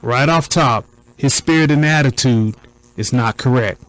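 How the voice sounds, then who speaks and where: A man commenting on a recording in a deliberate, preacher-like cadence, repeating points for emphasis. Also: medium pitch, fairly bright tone, no echo, poor audio.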